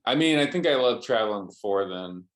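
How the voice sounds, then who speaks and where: A man's voice: lowish voice, lively intonation, a little fast. A man chatting casually, telling a rambling travel story with many fillers and restarts. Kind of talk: casual chat.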